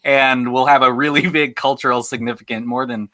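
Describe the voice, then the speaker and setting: A man's voice: medium pitch, steady tone, fairly quick, bright, forceful tone. A man hosting a casual podcast quiz game, playful and laughing often as he announces rounds.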